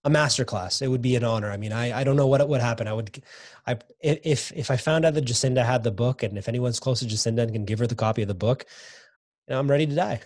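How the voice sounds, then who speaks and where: A man being interviewed about his book, talking enthusiastically and repeating words when he gets excited. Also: medium pitch, fast talker, dry recording, clean studio sound. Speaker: guest author. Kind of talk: casual podcast interview.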